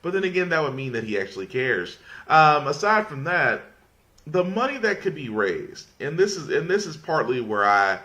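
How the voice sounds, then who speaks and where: A man talks through a casual podcast rant, his pitch rising and falling widely. He rambles, restarts sentences and keeps holding back laughter as he mocks what he is discussing. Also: sing-song, normal speed, bright, forceful tone. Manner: mocking, fights off laughter. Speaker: podcast host.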